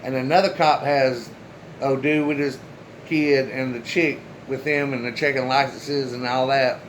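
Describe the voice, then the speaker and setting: At a measured pace, a man relates a personal story to the viewers of his channel in a relaxed, talkative way, with the occasional curse. His medium-pitched voice stays fairly even, and the poor audio carries slight background noise.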